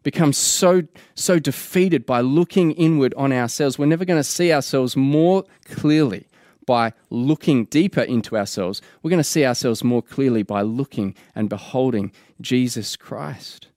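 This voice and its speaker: A man's voice: medium pitch, moderate pace, darkish tone, dry recording, clean studio sound. A man preaching a sermon in an earnest way, repeating key phrases for emphasis.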